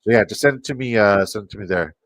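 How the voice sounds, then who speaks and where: A man's voice: fairly low pitch, quick pace, no echo. A man with a Canadian accent, hosting a live fantasy football stream, rambling and swearing as he reacts to chat.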